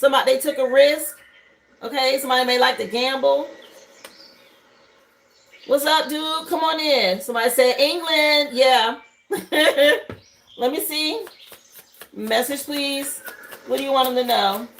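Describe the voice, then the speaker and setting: Woman, high voice, live tarot reader, chatty and loose, faint background noise. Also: a little slow, pauses often, fairly bright tone, rough recording. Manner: chatty, greets viewers, thinks aloud over the cards. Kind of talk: casual live tarot reading. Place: home livestream setup, burning incense.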